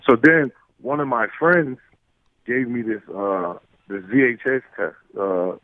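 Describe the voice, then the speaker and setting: A New York man, guesting on an interview, tells casual stories in an animated, loose way, restarting often, using many fillers and acting out quoted exchanges. His medium-pitched, measured voice comes through a tinny, phone-like line that sounds dry and close.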